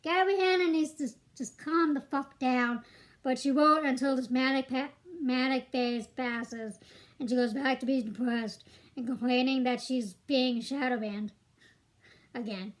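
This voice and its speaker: A woman's voice: sits high, steady tone, measured pace. A young woman ranting bluntly on a commentary vlog, exasperated and swearing. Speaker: YouTube commentator.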